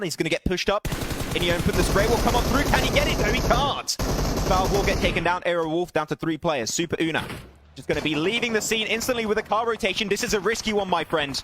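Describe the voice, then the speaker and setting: Young man, solo esports caster, high voice, excitable, faint background noise. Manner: excitable, pitch jumps on big plays, laughs at himself. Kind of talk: live game commentary with chat asides.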